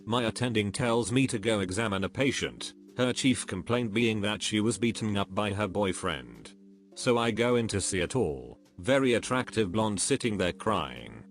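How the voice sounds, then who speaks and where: A man narrating a series of reader-submitted stories in a steady, even, scripted reading. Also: fairly low pitch, moderate pace. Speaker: narrator reading online posts. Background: faint background music.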